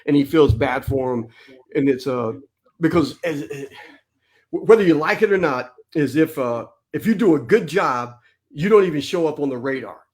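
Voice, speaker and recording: A man's voice: on the high side, lively intonation, moderate pace, a little mellow. Blunt, preachy man giving motivational talk.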